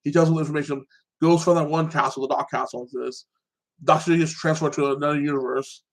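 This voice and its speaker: A man excitedly recapping a movie in a casual chat, rambling and filling his talk with fillers. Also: a little high, quick pace. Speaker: podcast host.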